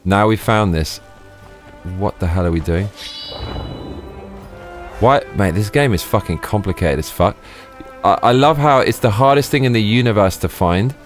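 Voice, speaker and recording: A man with a lowish voice streams a game live at normal speed, with long pauses and faint music behind him. He chats casually, swears freely, exclaims a lot and laughs often.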